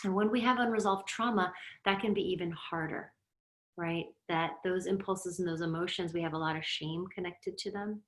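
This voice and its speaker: A middle-aged woman, a yoga teacher and therapist from Lebanon, giving a reflective teaching talk with personal stories in a conversational, gently guiding way. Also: fairly low pitch, steady tone, moderate pace, roomy sound, low-quality recording.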